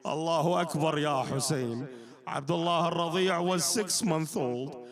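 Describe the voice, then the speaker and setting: A man with a fairly high voice preaches an emotional mourning sermon in an Islamic centre hall. He tells the story with feeling and breaks into chanted Arabic lines. A gathered crowd can be heard around him. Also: measured pace.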